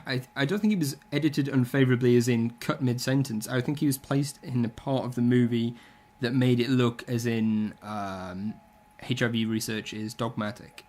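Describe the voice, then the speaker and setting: A man's voice: medium pitch, steady tone, moderate pace, darkish tone. A man, chatting casually and bluntly, with strong opinions and plenty of swearing. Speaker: podcast co-host. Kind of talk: casual chat.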